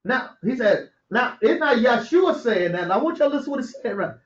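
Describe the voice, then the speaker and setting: A man teaching scripture like a preacher. He reads verses slowly and then explains them in a casual, conversational way, often chuckling to himself. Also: extremely high pitch, big pitch swings. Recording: roomy, dull lo-fi audio.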